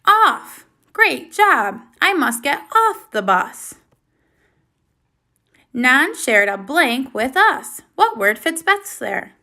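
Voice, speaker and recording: A woman teacher giving a recorded reading lesson for young children, slow, clear and encouraging, with lively praise. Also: high voice.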